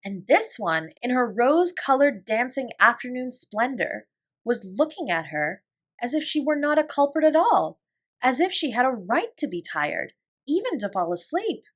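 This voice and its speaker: A woman narrating a classic children's novel as a bedtime story, in an expressive storytelling voice. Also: on the high side, normal speed. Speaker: audiobook reader.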